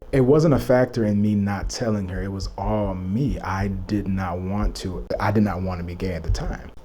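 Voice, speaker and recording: A man's voice: on the low side, dark tone, slight background noise. A young man from Texas telling a personal story to camera, earnest and reflective, full of "you know" and "like". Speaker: vlogger.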